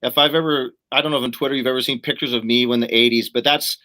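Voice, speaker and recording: A man's voice: mid-range voice, fast talker. A man guest in a casual chat, telling nostalgic stories and acting out favorite film speeches. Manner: nostalgic, animated storyteller. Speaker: guest, comic writer.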